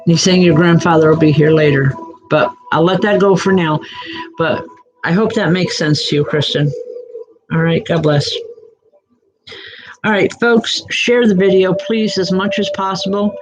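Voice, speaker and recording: A woman acting as a reverend and psychic medium, giving live readings in a gentle, reassuring way and calling viewers by name, with many "um" fillers. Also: lowish voice, fairly even intonation, measured pace, pauses often, faint music behind, rough recording.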